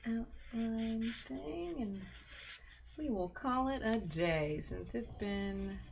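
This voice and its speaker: Chatty woman with a gravelly edge. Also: on the high side, animated, drawn-out words, slight background noise. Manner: chatty, talks to herself while drawing, drops into whispers. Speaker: livestream host drawing. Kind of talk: casual drawing livestream chat. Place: home room.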